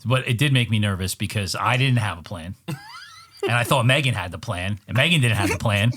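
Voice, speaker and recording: A man in casual podcast chat, telling a story with quick talk and laughter. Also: lowish voice, animated, fairly bright tone, breathy edge.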